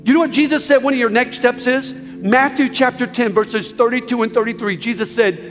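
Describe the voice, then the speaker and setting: A man's voice: extremely high pitch, fairly even intonation, brisk. A man preaching an altar call in a large church, urging listeners again and again. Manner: urgent, repetitive exhortation. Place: large church hall with balcony. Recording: echoey hall with soft music.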